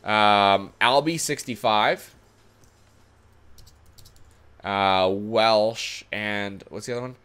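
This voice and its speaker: A man's voice: lowish voice, extremely slow, pauses often, a bit bright, clear, resonant tone. A man giving casual commentary on a sports management game, chatty and thinking aloud, often correcting himself as he goes. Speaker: gaming YouTuber.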